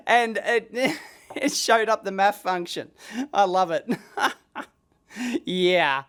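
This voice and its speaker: An Australian man hosting an electronics video, chatting casually and getting excited while he demos a gadget at his bench. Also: sits high, takes it slowly, pauses often, smooth. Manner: excitable, chatty, blokey slang.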